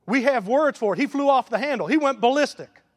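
A high-pitched man preaches a sermon in a folksy way, rising into loud, emphatic stretches. His voice carries a long reverb through a church sanctuary. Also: lively intonation, a little fast. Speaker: pastor.

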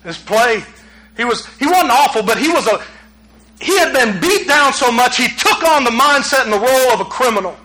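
Animated, bright-voiced male preacher. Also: very high-pitched, moderate pace, poor audio. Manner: animated storytelling with acted quotes, rising to near shouts. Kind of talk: sermon.

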